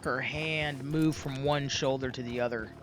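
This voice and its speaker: Young guy telling a story all folksy and rambly, lots of um and you know, average pitch, soft music in the back. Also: steady tone, a little slow. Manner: folksy, rambling, with many fillers and restarts. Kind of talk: casual spoken storytelling of a roleplay.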